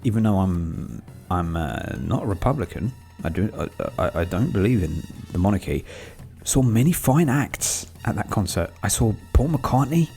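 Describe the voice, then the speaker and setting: A man's voice: fairly low pitch, expressive, moderate pace, vocal fry, few pauses, a little mellow, faint music behind. A man co-hosting a podcast, chatting casually and teasing his co-host. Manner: teasing, jokey. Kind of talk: casual chat.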